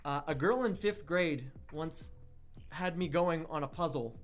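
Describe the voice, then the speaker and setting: A young man hosting an online radio livestream, chatty and excitable, reading viewer chat and hyping an upcoming release. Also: on the high side, unhurried, soft background music. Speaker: online radio show host.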